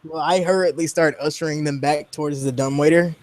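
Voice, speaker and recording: A tabletop game player cracking quick jokes and banter at the table. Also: mid-range voice, fairly even intonation, darkish tone.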